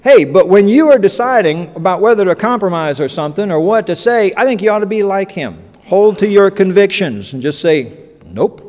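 A pastor preaching a sermon in a folksy, joking way, acting out quotes, in a church hall. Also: male voice, sits high, fairly quick, few pauses. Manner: folksy, animated, joking asides and acted-out quotes.

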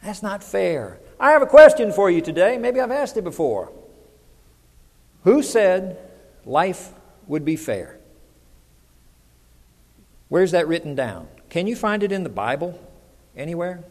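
High-voiced pastor preaching in a hall. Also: male voice, very animated, a little slow, long pauses, darkish tone. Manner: conversational, asks the congregation questions. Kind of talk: sermon.

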